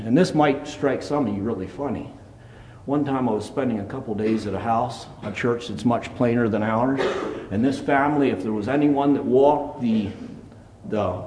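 A man's voice: mid-range voice, a little mellow, a little hiss or hum. A man preaching a plainspoken, earnest sermon at a church service, reading scripture aloud. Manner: earnest, plainspoken, reads scripture in King James wording.

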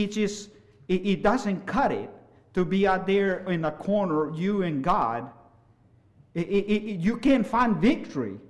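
Middle-aged male preacher, fairly high-pitched, impassioned, loud peaks and hushed asides. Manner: impassioned, rises to loud hollering and drops to soft asides. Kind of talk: sermon.

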